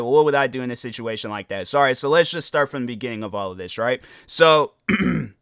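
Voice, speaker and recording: A man's voice: medium pitch, pushed and bright, clean tone, dry recording, studio quality. A young man hosting a podcast, giving rambling, slangy commentary on a viral video. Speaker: podcast host.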